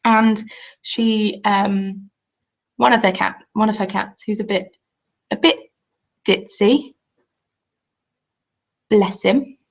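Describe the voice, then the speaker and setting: A young woman who makes craft videos on YouTube rambles cheerfully through a live stream from home, speaking off the cuff, trailing off and restarting. She keeps pausing to read out and answer viewers' comments. Her mid-range voice is steady and slow, with frequent pauses.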